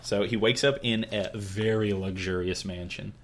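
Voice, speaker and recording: Young guy podcast host, lowish voice, rambly, lots of likes and ums. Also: steady tone, normal speed. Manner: rambling, many fillers, brief quoted character voices. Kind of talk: casual chat retelling an anime plot.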